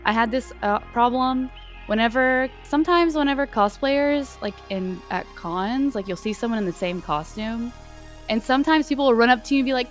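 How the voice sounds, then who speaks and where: A woman's voice: on the high side, normal speed, faint music behind. A young woman chatting as a streaming guest, laughing often and restarting her sentences. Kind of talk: casual chat.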